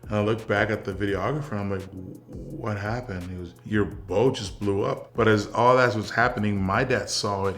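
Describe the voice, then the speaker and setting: A young man from South Texas, an interview guest and military veteran, telling casual stories in a relaxed, rambling way with many fillers. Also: lowish voice.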